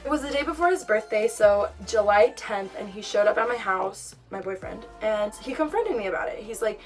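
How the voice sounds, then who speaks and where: A woman's voice: medium pitch, brisk, hardly any pauses. Chatty young woman telling a story, mic far off. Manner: chatty, animated retelling with quoted dialogue. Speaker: vlogger. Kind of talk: casual storytime. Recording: far from mic, music behind.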